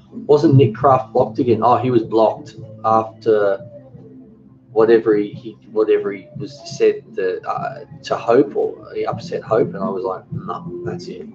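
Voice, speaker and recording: An Australian man in his forties hosting a cooking channel, chatting casually on a live stream, reading viewer comments aloud and often restarting his sentences. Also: on the low side. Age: 40s. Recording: dull lo-fi stream audio with music. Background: music.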